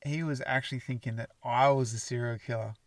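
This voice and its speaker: A man co-hosting a casual podcast, easygoing and quick to laugh along. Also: medium pitch, fairly even intonation, no room sound. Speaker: podcast co-host. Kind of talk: casual chat.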